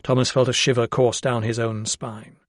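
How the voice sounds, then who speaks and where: A male narrator reading a novel in a measured, even storytelling voice. His pitch sits in an ordinary middle range. The recording is dry and close, with no room sound. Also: no echo. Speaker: audiobook narrator. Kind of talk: scripted narration.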